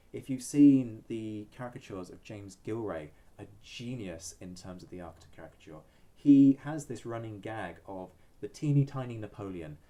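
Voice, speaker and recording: Low, mellow-voiced male historian. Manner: measured, explanatory, with frequent ums. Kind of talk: expert commentary.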